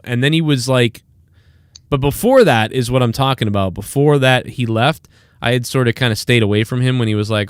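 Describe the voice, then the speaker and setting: A male host chats loosely on a live show, blunt and full of swearing. His voice sits at a middling pitch. The sound is dry and close, with no room echo. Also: fairly quick, smooth. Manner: blunt, profane, mocking. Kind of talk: casual live chat show.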